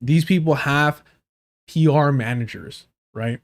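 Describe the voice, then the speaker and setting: This livestream commentator has a voice on the high side and talks slowly while reacting to clips. Swearing heavily, he mocks the people he covers and mimics them in over-the-top voices.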